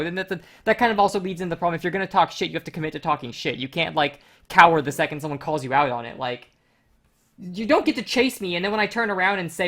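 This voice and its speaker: Brief: quick-talking male stream commentator, animated, foul-mouthed storyteller. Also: high voice. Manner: animated storytelling, mocking impressions, swears a lot. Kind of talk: casual chat.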